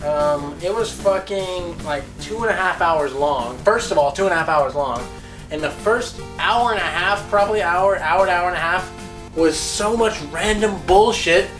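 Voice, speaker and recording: A man's voice: sits high, moderate pace. A laid-back man reviewing a movie in casual chat, blunt and swearing freely. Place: home room. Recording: roomy echo, far from mic, faint music.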